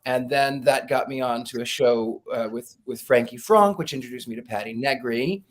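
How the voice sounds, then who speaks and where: This psychic guest speaks in a mid-range voice at a moderate pace during a casual interview. He animates his stories by voicing the people he quotes, and he laughs as he goes.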